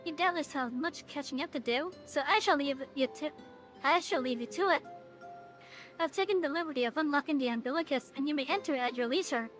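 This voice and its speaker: A woman voicing a composed young woman soldier, reading game lines in a polite, measured way. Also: high voice, fairly bright tone, faint music behind. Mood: formal. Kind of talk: reading game dialogue aloud on stream.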